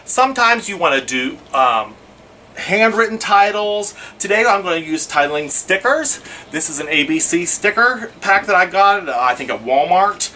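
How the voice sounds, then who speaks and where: A man's voice: on the high side, sharp tone, recorded from a distance, slight background noise. A man giving a casual scrapbooking how-to, chatting through each step as he works. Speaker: scrapbooking instructor.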